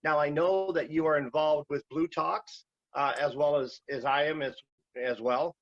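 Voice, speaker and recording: A man's voice: a little high, fairly even intonation, moderate pace, fairly bright tone, dry recording, dull audio. Hesitant male podcast host, dry sound. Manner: hesitant, many fillers. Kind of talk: podcast hosting.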